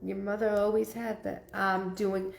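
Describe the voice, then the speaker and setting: A woman giving a live psychic reading, relaying messages in a halting way with many fillers. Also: medium pitch, flat delivery, vocal fry, echoey room. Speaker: psychic medium.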